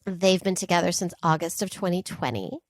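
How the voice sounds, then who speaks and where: A woman's voice: lowish voice, brisk, no room sound, clean studio sound. A woman co-hosting a podcast, telling stories in casual chat with playful asides. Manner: animated storyteller, playful asides. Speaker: podcast co-host.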